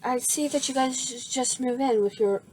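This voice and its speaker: A woman's voice: high-pitched, normal speed, darkish tone, slight background noise, pitched above the performer's own voice, lightly acted, rough recording. A woman voicing a goofy, eager teenage boy who stammers a little, in a storybook reading.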